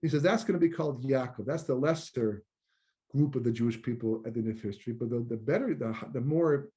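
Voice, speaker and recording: A man's voice: mid-range voice, a little fast, dark tone. A man, a rabbi giving a Torah lecture in a conversational way, often repeating words and mixing in Hebrew terms. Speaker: rabbi and teacher.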